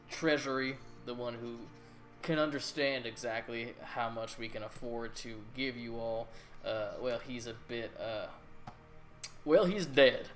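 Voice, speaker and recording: A man's voice: medium pitch, a bit bright. A man voicing a plump, genial middle-aged male city governor with a country accent, courteous and hearty. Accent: American Southern country accent.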